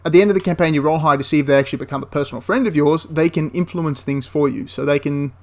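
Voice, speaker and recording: A man's voice: a little high, fairly even intonation, fast, a little mellow. A man giving a casual, enthusiastic spoken review of a tabletop wargame, rambling into asides and restarting his sentences.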